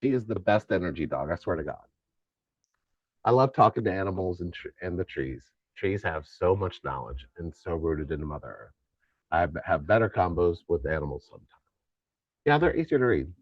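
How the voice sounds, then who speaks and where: A man's voice: sits low, animated, a little fast, no echo, dull audio. A man co-hosting a casual live spiritual chat stream, laughing often and trailing off mid-thought.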